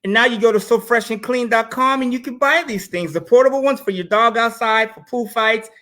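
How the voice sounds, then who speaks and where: A man co-hosting a casual panel talk, animated and addressing viewers directly as he tells stories. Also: very high-pitched, fairly quick. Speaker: co-host.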